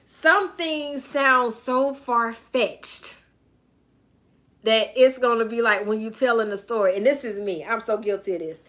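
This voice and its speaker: A woman's voice: a little high, sharp tone. A woman with a Southern US accent, a life coach reading a book aloud on a live stream and chatting with viewers. She greets them by name and breaks into playful sing-song asides.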